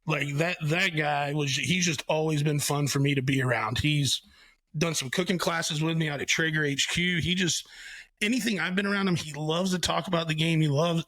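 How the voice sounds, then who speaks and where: A man hosting a podcast, telling stories in a casual, animated way, swearing freely. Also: fairly high pitch, no echo. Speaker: podcast host. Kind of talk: casual storytelling chat.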